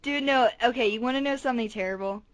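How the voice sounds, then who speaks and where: A young woman co-hosting a casual podcast, her voice pitched a little high. She rambles through stories and acts out what people said along the way. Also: quick pace. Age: 20s. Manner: rambling, animated storytelling with acted-out quotes. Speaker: podcast co-host. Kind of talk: casual chat.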